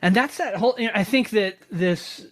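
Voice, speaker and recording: A man's voice: high voice, brisk. A man in his forties hosting a podcast, talking in a thoughtful, reflective way. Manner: thoughtful, searching phrasing. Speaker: podcast host. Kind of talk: reflective conversation.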